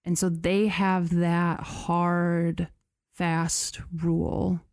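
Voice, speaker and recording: A woman hosting a podcast, telling a story in a casual chatty way, full of "like" and "you know" and quick laughs. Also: fairly low pitch, little pitch movement, darkish tone, no room sound, studio quality. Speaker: podcast host.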